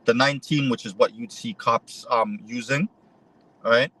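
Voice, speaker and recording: Man telling a story in animated retelling. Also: mid-range voice, normal speed, dry recording, poor audio. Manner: animated retelling, voices quoted exchanges. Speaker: interview guest; photojournalist. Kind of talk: conversational storytelling.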